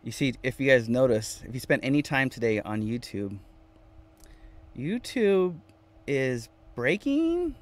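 A man's voice: mid-range voice, brisk, few pauses. A man hosting a casual live stream from inside his van, reading viewer comments aloud and repeating phrases playfully. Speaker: vanlife livestream host.

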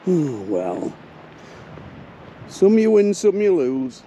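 A man's voice: sits high, very animated, slow, dull audio. A middle-aged man with a Yorkshire accent chatting casually while driving his truck, swearing now and then. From Yorkshire, England. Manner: chatty, swears casually, sings snatches of songs. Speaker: truck driver vlogger. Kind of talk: casual driving vlog chat. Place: in a truck cab and outdoors at a lake. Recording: loud road and wind noise.

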